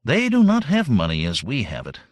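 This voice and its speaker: A man voicing a businesslike young male robot son with a quick, factual delivery. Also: medium pitch, wildly swooping pitch, no echo.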